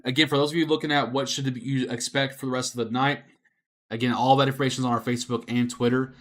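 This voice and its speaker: A man's voice: mid-range voice, flat delivery, fast. A man giving live storm coverage on a stream, answering viewers by name. He is out of breath and straining his voice, and he talks casually and repeats himself. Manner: casual, repeats himself, reads out chat names. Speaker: weather forecaster on a livestream.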